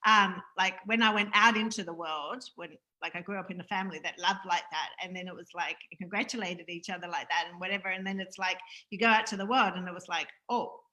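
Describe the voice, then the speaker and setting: A woman's voice: lowish voice, fairly even intonation, fast talker, few pauses, bright, forceful tone, rough recording. A woman with an Australian accent hosting a spiritual interview, talking in an earnest, effusive way with many fillers. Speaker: host.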